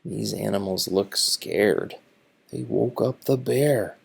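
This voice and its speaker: A man reading a picture book aloud to children slowly and deliberately, stopping to explain the feelings and words on each page. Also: fairly low pitch, vocal fry, slightly rough.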